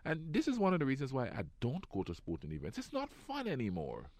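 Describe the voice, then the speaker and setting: A man co-hosting a radio talk show, ranting casually and acting out quoted people in high voices. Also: quick pace, no room sound, studio quality. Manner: animated storyteller, acts out quotes in high voices.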